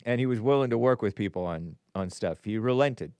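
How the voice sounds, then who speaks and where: A man's voice: lowish voice, lively intonation, brisk, a little mellow, clean tone, no room sound. A man hosting a live call-in show in a rambling, jokey way, laughing at his own asides. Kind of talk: casual live-stream chat, reading viewer messages.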